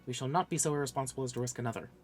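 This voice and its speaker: A man's voice: medium pitch, rapid-fire, lightly acted. A man voicing a stern veteran engineer chief, reading game lines aloud on a stream and stumbling into restarts.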